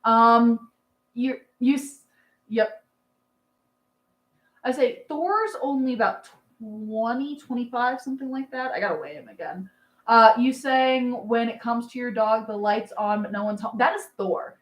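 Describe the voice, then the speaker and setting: A woman's voice: a little high, a little slow, reverberant. A woman in her thirties chatting casually on a livestream, rambling with fillers and laughs, doting on her dog. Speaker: livestream host.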